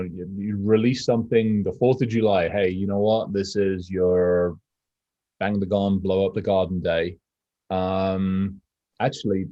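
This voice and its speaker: Low, husky man talking rambly and profane. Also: no room sound, lo-fi sound. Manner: rambling, profane, animated storytelling. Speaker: podcast co-host. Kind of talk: casual podcast conversation.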